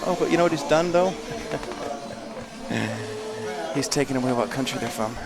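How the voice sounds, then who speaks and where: A man commenting live on a race in a chatty, self-deprecating way, with excitable bursts. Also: mid-range voice, rapid-fire, music in the background. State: a little out of breath.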